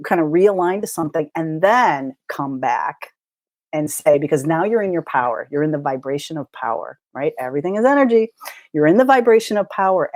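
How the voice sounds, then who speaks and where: A woman's voice: deep voice, darkish tone, no room sound. A middle-aged woman, a mindset coach, talking brashly and casually in an interview and swearing freely.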